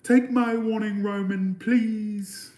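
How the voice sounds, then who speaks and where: A man's voice: high voice, steady tone, very fast, warm tone, echoey room, voice pushed up, lightly acted. A man putting on the voice of a dramatic, scolding British mother who pleads over the top with her son. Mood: scolding, pleading.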